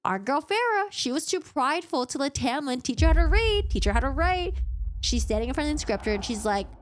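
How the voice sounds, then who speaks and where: A woman vlogger giving a casual, dramatic book recap in an animated storytelling manner. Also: high voice, fast.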